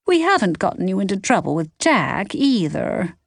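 A woman's voice: mid-range voice, very animated, moderate pace, vocal fry, slightly rough, no room sound, clean studio sound, exaggerated voice. A woman voicing a bold, spirited woman sleuth who talks brashly.

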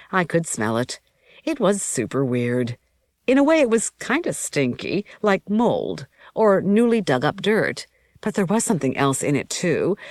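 A woman reading a first-person story as audiobook narration in an even, measured way. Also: low-pitched, no echo, studio quality.

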